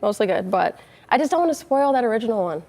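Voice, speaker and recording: A woman on a local weather team answers questions in a casual studio chat. She speaks in short, hesitant replies with soft fillers. Her voice is somewhat high for a woman. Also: sing-song, fast talker, vocal fry.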